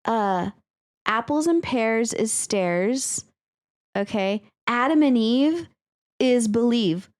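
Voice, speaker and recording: A woman co-hosting a podcast in casual chat, excitable and casually profane, reading bits aloud. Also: a little high, slow pace. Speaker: podcast co-host, teacher.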